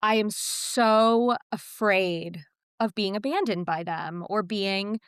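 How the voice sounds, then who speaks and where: 30s woman podcasting, candid and self-deprecating, mid pitch, dry close sound. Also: takes it slowly, clean tone, dry recording. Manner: candid, self-deprecating, animated when quoting herself. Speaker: podcast co-host. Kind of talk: casual chat.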